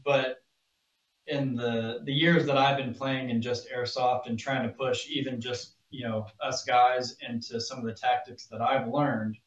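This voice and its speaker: A man speaking as a guest on a casual podcast, halting and hesitant with many fillers. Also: mid-range voice, little pitch movement. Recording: roomy, distant, dull mic.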